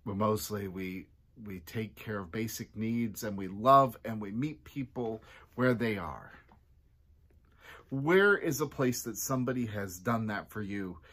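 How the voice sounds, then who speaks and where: Speaking a little slowly in a fairly bright tone, this man is a pastor chatting his way through an informal devotional. He performs quotations with sudden big jumps in pitch.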